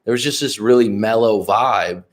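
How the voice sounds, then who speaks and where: A man's voice: on the low side, moderate pace. Rambling, profane male livestream coach. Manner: rambling, profane, addresses chat viewers directly. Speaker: life coach hosting a livestream. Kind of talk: casual livestream chat with viewers.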